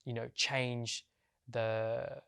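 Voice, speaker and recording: A young man with a Birmingham accent tells a personal story. His voice sits at a middle pitch and stays flat, with little melody. He sounds reflective and candid, and uses plenty of fillers. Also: very slow, vocal fry, smooth. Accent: Birmingham English. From England. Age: young adult. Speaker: interviewee.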